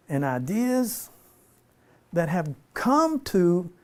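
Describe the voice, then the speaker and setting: A man leading an informal spiritual teaching for a small group, relaxed and playful, slowing down for emphasis. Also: high voice. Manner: relaxed, playful, laughs often, slows for emphasis.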